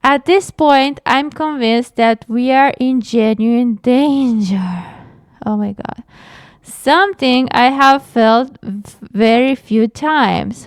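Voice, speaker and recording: A young woman reading a scary story aloud, halting to react with gasps and nervous laughs. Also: fairly high pitch, smooth, no room sound, studio quality. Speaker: horror story reader and reactor.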